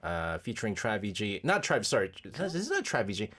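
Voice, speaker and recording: A man's voice: on the low side, huge pitch swings, fairly bright tone, breathy edge. A man hosting a radio show from the studio, joking and rambling in casual chat. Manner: joking, rambling, quick to laugh. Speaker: radio host.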